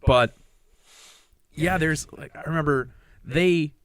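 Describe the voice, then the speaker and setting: A man's voice: on the high side, slow. A man co-hosting a podcast, telling a concert story in casual, profane chat and acting out what people said. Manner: profane, animated storytelling with acted quotes. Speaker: podcast co-host.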